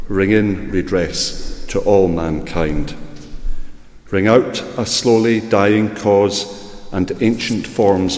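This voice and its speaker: A man reciting a poem in a solemn, deliberate way. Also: lowish voice, a little mellow. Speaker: poetry reader. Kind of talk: poetry reading. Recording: echoey room with long reverb.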